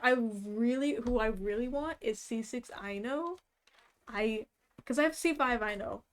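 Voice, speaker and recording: A young woman streaming casually while she draws, rambling along with lots of "like" and little laughs. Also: fairly high pitch. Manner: rambling and chatty with frequent "like" and laughs. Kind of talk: casual chat while drawing. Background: faint background music.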